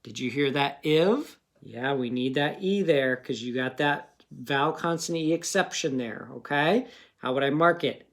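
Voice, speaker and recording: A man teaching a phonics lesson to young pupils, sounding out words slowly and asking patient questions. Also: mid-range voice, fairly bright tone.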